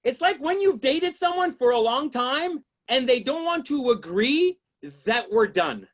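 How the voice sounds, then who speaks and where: Extremely high-pitched and sing-song, the stand-up comedian takes his time. He rambles into each setup, shouts his punchlines in exasperation, and frequently checks "you know what I mean?"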